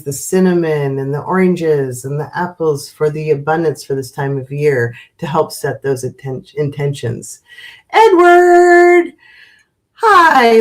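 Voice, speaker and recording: A woman hosting a spiritual livestream, chatting gently with viewers and rambling through many fillers and restarts. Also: low voice. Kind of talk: casual live chat with viewers.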